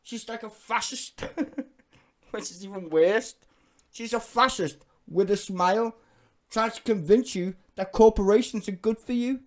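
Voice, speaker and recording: A man with a British accent rants through a profane reaction commentary. His voice sits a little higher than most men's, and he talks with open scorn. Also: measured pace. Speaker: YouTube commentator.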